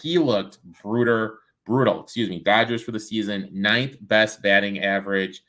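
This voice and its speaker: A man's voice: lowish voice, moderate pace, a bit bright. Chatty American man talking betting picks. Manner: loose, chatty, rattles off stats. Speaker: sports betting show host. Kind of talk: casual sports betting talk.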